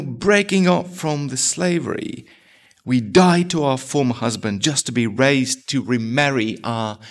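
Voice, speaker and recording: A male pastor delivering a sermon with a lively, swooping delivery. He speaks slowly and deliberately, tossing rhetorical questions out to his listeners. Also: a little high. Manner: animated, rhetorical questions to the congregation.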